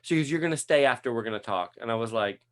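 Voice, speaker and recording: A man hosting a relaxed catch-up conversation, retelling a story with lively energy. His voice sits at an everyday middle pitch. He often restarts his sentences and laughs as he talks. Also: fast talker. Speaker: podcast host. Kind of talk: casual chat.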